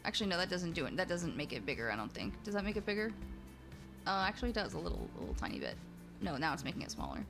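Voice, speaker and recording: A woman hosting a stream, chatting casually in an animated way with many restarts. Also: fairly low pitch, rapid-fire, music in the background. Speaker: streamer host. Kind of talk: casual reaction chat.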